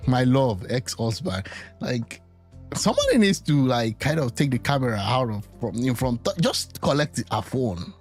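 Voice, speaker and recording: Lively, incredulous man commenting on a clip. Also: mid-range voice, normal speed, faint music behind. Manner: incredulous, teasing, laughing. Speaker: reaction video host.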